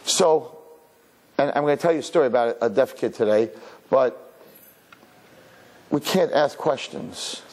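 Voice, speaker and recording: A man, a rabbi giving a storytelling sermon, who swings from soft, hushed asides to high, loud bursts when he acts out his own thoughts. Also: unhurried, pauses often. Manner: conversational, repeats words, uses Yiddish and Hebrew terms. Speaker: rabbi giving a weekly Torah talk.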